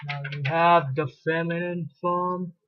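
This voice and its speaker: A man gives a French grammar lesson at a very slow, measured pace, repeating key words and pausing often to gather his thoughts. His voice sits somewhat high for a man. The recording is dull and lo-fi. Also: steady tone. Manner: deliberate, hesitant with fillers and repetitions. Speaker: French teacher. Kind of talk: slow lecture explaining grammar at a board.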